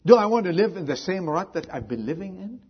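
A man's voice: high voice, sing-song, fast, husky, dull audio. A man preaching a sermon, earnestly repeating rhetorical questions to his congregation, in slightly non-native phrasing. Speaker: pastor.

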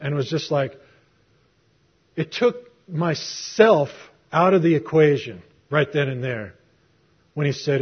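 Middle-aged guy preaching, husky voice a bit on the high side, chatty storytelling, muffled lo-fi sound. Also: lively intonation, measured pace. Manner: conversational storytelling with rhetorical questions. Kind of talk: sermon with personal testimony. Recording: muffled lo-fi recording.

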